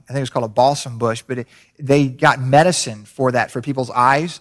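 A man preaching a sermon, animated, building from conversational explanation up to shouted peaks. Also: a little high. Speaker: pastor.

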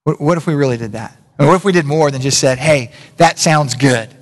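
Preaching in a church sanctuary, this pastor talks fast with a fairly high male voice. His sermon feels conversational, packed with rhetorical questions and self-corrections, and the long reverb of the hall lingers behind every line.

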